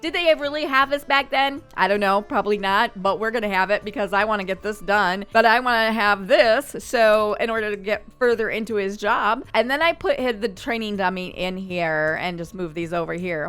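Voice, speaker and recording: A woman's voice: mid-range voice, fairly bright tone, clean tone. A woman hosting a gaming channel, chatting and thinking aloud as she plays. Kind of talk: casual Let's Play commentary.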